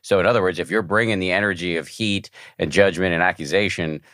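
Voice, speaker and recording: A man hosting a podcast interview, explaining in a measured way. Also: sits low, steady tone, fairly bright tone, dry recording, clean studio sound. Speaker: podcast host.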